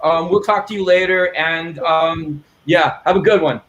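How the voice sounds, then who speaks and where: Excited guy hosting a tech conference, high voice, rambly, lots of ums. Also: a little slow. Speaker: conference host. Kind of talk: casual live-stream hosting.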